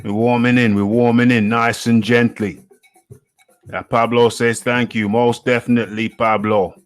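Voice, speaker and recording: A man's voice: mid-range voice, little pitch movement, moderate pace, smooth. A man from the UK hosting a live show, reading out the chat in a playful, repetitive way and chuckling often. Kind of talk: casual live-stream chat.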